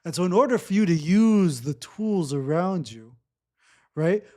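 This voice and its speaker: A man leading a guided breathwork session, speaking gently and repeating his cues. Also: high-pitched, animated. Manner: slow, repetitive, gently instructive. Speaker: breathwork facilitator.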